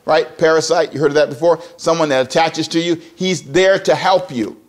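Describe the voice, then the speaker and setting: A man's voice: on the high side, normal speed. A man preaching a sermon as pastor, emphatic and repetitive, often asking the congregation direct questions.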